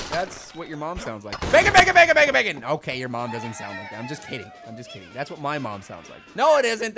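A young man casually commenting on a mobile game, rambling nonsense and suddenly bursting into loud shouts. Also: fairly high pitch. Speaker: gaming video host. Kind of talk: goofy let's-play commentary.

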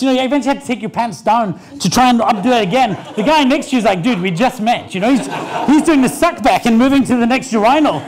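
A man's voice: very high voice, darkish tone. A man giving a live conference keynote on stage, telling brash, joking stories, swearing and acting out the people he quotes. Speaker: keynote speaker. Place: stage before a live audience.

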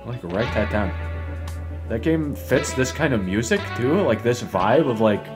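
A man's voice: mid-range voice, animated, unhurried. A man doing casual gameplay commentary, rambling and swearing, with a lot of laughing and "like" fillers. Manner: rambling, swears often, fills with "like"; laughs often while talking. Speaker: gaming video host. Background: game music.

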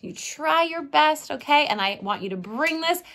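A woman teaching a kindergarten writing lesson, sounding out letters slowly and putting on exaggerated dismay at messy handwriting. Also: high voice, animated, a bit bright. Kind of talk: recorded writing lesson for young children.

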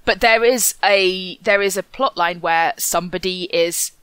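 A woman's voice: lowish voice, unhurried, a bit bright, clean tone, dry recording. A woman co-hosting a book podcast, chatting casually and enthusiastically with many fillers. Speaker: podcast co-host.

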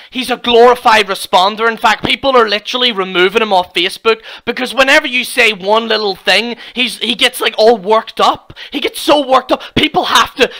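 A man's voice: very high voice, pushed and bright. A man giving heated, mocking reaction commentary, swearing constantly as a YouTube commentator.

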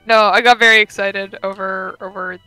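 A woman chatting casually with friends on a stream, bubbly and excitable. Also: medium pitch, moderate pace, faint music behind, low-quality recording. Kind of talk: casual chat.

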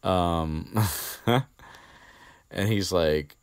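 A man's voice: extremely low pitch, unhurried, no echo, clean studio sound. A man hosting a podcast, recapping a book in a rambling, chatty way and swearing casually. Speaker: podcast host.

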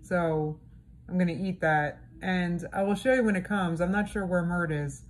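A woman's voice: on the low side, normal speed, rough recording. A young woman vlogging at home in casual chat, frazzled and exasperated, talking to viewers through a handheld camera.

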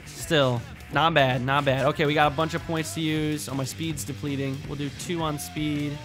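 A young man giving excitable, profane gameplay commentary as a let's play host, talking to himself as he plays. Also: fairly high pitch, moderate pace, music in the background.

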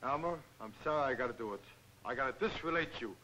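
A man's voice: medium pitch, fast, bright, forceful tone, slight background noise, close to an everyday voice, low-quality recording. A man playing a slangy, dim-witted boxer. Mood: earnest. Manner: slangy, earnest nonsense talk. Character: dim-witted cheerful male boxer, rambling nonsense. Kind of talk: 1940s film comedy acting.

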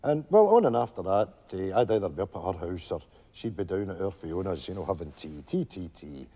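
An old Glasgow widower. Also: male voice, low voice, lively intonation, fairly quick, warm tone, full character voice. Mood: wistful storytelling. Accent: Glaswegian Scottish. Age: older. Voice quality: husky, rambling with many "you know" asides. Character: old widowed Glasgow pensioner, gentle and rambling. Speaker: stage character telling a story to friends. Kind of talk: stage comedy monologue.

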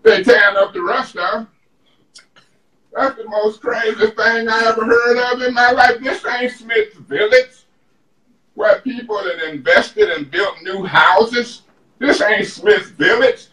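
A man's voice: high-pitched, takes it slowly, pushed and bright. A man speaking as a city council member in a heated debate, combative and emphatic, recorded from a distance in a council chamber. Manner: combative, emphatic, mocking others in put-on voices. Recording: echoey chamber, distant mic.

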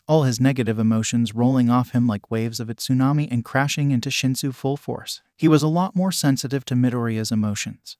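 A man reading a fan-fiction story at a steady, even pace, his voice sitting at an ordinary middle pitch. The sound is dry and close, with no room around it. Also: no echo. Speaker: story narrator.

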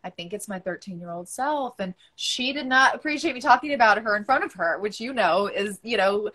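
A woman's voice: mid-range voice, expressive, a little fast, a bit bright. A woman in her thirties speaks on a video call, earnest and open as she tells a personal story. She moves through it with feeling and acts out quoted voices now and then. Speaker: guest, actress and mental health advocate. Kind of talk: candid emotional conversation.

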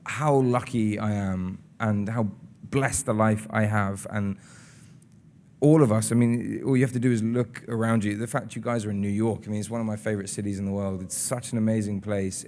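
A young man talks through an interview in a low, steady voice. His manner is earnest and reflective, pausing and restarting as he gathers his thoughts. A faint hiss sits under his voice. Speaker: actor being interviewed. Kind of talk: casual interview talk. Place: studio interview in front of an audience.

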